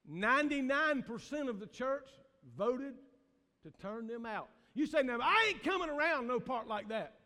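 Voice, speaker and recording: High-voiced preacher in a hall. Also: male voice, lively intonation, normal speed. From American South. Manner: Southern preacher cadence, swings from hushed to shouting. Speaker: pastor. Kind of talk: sermon. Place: church sanctuary. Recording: reverberant church hall.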